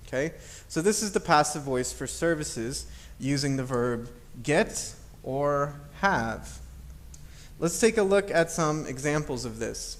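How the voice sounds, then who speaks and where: Man, slightly higher voice, patient grammar lesson, repeats examples. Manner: patient, repeats examples slowly, checks with "okay?". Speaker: English teacher.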